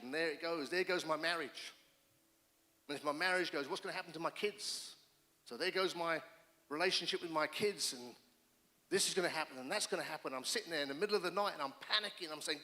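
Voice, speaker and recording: A middle-aged man preaching a sermon as pastor, telling personal stories in an animated, emphatic way. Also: a little high.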